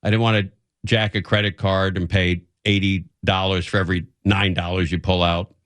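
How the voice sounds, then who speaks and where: A man's voice: low voice, flat delivery, normal speed, fairly bright tone, no room sound. A man hosting a radio show, telling a rambling, self-mocking story in casual chat and laughing often.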